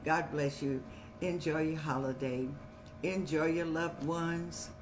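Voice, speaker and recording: An older woman hosting an advice show in a folksy, preacherly way, speaking to viewers like family and telling lively stories. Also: low voice, slow, a little hiss or hum. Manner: folksy, preacherly, calls listeners "child"; lively storytelling with animated rises. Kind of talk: warm advice talk to viewers.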